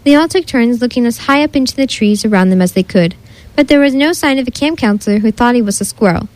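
A woman reads a children's story aloud in a steady, expressive way. Her voice sits a little on the high side. The sound is dry and close to the mic. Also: fast, dry recording, poor audio.

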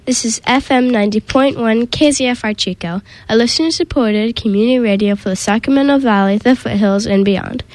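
A woman hosting a community radio show and reading a children's picture book aloud, with gentle delivery and small slips and restarts. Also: a little high, brisk, hardly any pauses, dry recording, poor audio.

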